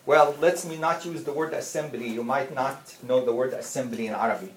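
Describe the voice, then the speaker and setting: A teacher leads a classroom lesson, going over each word patiently and saying it again and again. The voice sits at an ordinary middle pitch. It carries the echo of a roomy classroom with a faint hiss behind it. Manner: patient, repeats words slowly and often. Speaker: Arabic teacher.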